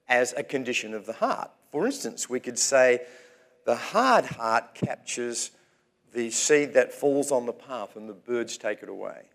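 Slow, measured male preacher. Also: medium pitch. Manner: measured, unhurried preaching with pauses between phrases. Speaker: pastor. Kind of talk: sermon. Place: church.

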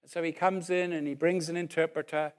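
A man around sixty, preaching a sermon as a lively story and then leading a prayer, acting out what people said. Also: on the high side, brisk, smooth. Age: about 60. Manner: animated storyteller who acts out what people said.

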